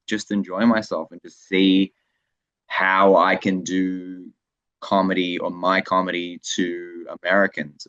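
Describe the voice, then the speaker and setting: A young Australian man with a very deep voice tells stories in a relaxed, rambling way. He restarts his sentences often. The sound is dry and a little dull. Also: no room sound. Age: young adult. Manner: rambling storyteller with many restarts. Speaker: guest comedian. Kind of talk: casual interview chat.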